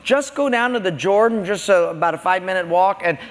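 A preacher putting on a nervous, pleading young servant. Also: male voice, high-pitched, fairly quick, big-room sound, natural voice. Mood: eager. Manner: anxious, apologetic, pleading. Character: fussy, pleading male servant of a prophet.

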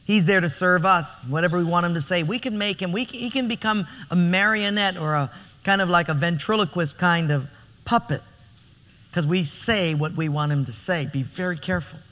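A male pastor preaches with emphatic, animated storytelling. His voice is high and sharp-edged. The church hall adds a long reverb to every line. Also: normal speed. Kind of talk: sermon.

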